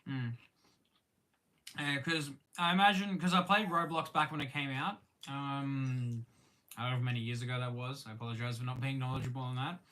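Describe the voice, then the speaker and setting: A young Australian man chats on a live stream from home, his voice bright and forward. He rambles and restarts often, with plenty of ums, and greets viewers by name in a friendly way. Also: medium pitch, steady tone. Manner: rambling and halting, many ums and restarts, talks while eating. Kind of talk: casual live-stream chat.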